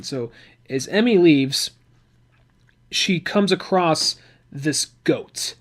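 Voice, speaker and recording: A man's voice: fairly high pitch, animated, slow pace, pauses often. A man hosting a podcast, recapping a comic book in a rambling, chatty way with asides. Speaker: podcast host.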